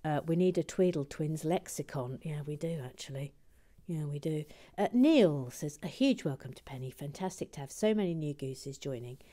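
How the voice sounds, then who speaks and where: A woman with a low voice chats casually while building, reading out viewer messages as she goes. Her tone is soft and self-deprecating. She slips into whispered asides, with plenty of "uh"s and restarts. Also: animated, normal speed, few pauses. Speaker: livestream host.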